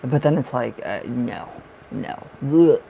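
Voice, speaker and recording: A man with a raspy smoker's voice doing tarot readings on a livestream, chatting in a rambling way and laughing often. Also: mid-range voice, lively intonation, slow, dark tone, a little hiss or hum, rough recording. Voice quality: raspy from smoking. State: short of breath at times. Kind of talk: casual livestream chat.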